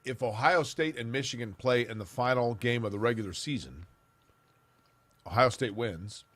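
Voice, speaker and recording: A teasing, playfully bossy man co-hosts a sports talk show. He speaks at an average pitch for a man. His voice is dry and close in a studio. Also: normal speed, a bit bright, no room sound.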